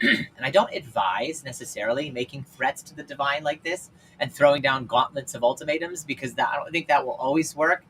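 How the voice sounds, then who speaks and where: A man hosting his own show, telling personal stories in a casual, candid way with lots of fillers, swinging between loud and hushed. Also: medium pitch, fairly quick, slight background noise, low-quality recording. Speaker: podcast host and life coach. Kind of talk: personal storytelling monologue.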